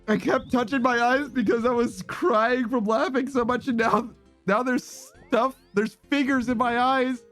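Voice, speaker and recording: Streaming to his viewers, a man with a very high-pitched, steady voice chats casually, a little slowly and with a slightly bright tone, over faint background music. He laughs often, reads chat messages aloud, and teases viewers with slangy, swearing banter.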